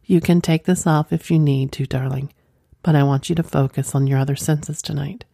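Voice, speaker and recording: A calm, commanding lover with a soft, reassuring way of speaking, read by a woman. The voice sits low and mellow. It is recorded dry and close, like a storybook audio. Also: moderate pace, gravelly, no echo. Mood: tender.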